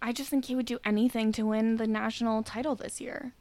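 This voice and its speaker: A woman guest on a podcast, chiming in with short, relaxed remarks. Her slightly high voice has a gravelly edge, and the sound is dry and close. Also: fast, no room sound. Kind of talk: casual podcast chat.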